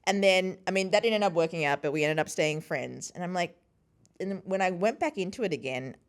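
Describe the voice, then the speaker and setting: A woman in her thirties speaking as a podcast guest, with a slightly low voice that swings widely in pitch. She tells stories casually and acts out quoted voices with a lot of animation. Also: lively intonation, a little fast. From Sri Lankan family. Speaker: podcast host and interview guest. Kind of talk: casual conversational storytelling.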